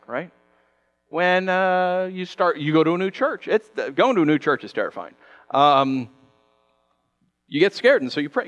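Animated pastor preaching a lively sermon. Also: male voice, fairly high pitch, normal speed, muffled recording. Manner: animated, conversational, acts out quoted voices.

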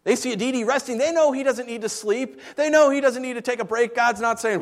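A man preaching a sermon, animated and playful, dropping to hushed whispers and acting out what listeners might say. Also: very high-pitched, moderate pace, hardly any pauses. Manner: acts out listeners' voices in asides. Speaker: pastor.

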